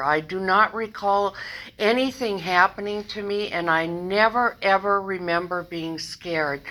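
A woman in her seventies from northern Minnesota gives a personal recovery talk at a meeting. She speaks slowly in a fairly low but bright voice. She is chatty and self-deprecating and laughs often. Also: poor audio.

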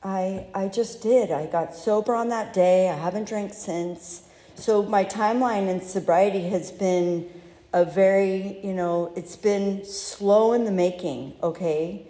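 A woman telling her own recovery story in a candid, halting, self-deprecating way, recorded in a large hall. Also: mid-range voice, warm tone. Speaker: speaker sharing recovery story. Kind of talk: personal testimony talk. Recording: echoey hall.

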